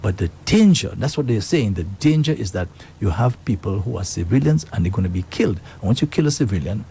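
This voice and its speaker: A man's voice: lowish voice, very animated, fast, mellow, husky. A man hosting a talk radio show, speaking, emphatic and indignant as he reads out and comments on news.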